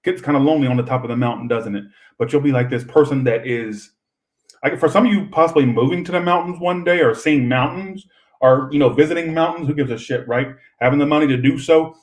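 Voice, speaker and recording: A man's voice: fairly high pitch, fast, poor audio. A young man giving a chatty, rambling live-stream tarot reading, swearing freely and talking straight to his viewers. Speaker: tarot reader.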